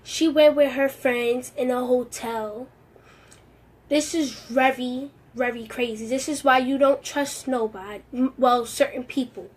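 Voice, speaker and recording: High-voiced eager young woman. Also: steady tone. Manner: eager, rushed storytelling. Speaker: host's daughter. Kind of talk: casual live video chat.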